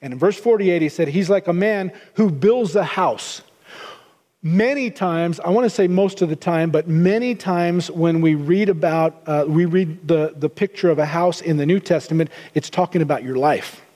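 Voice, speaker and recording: Middle-aged male pastor, high and mellow, earnest sermon delivery with restarts; long hall reverb. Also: moderate pace. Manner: earnest, repeats words while restarting.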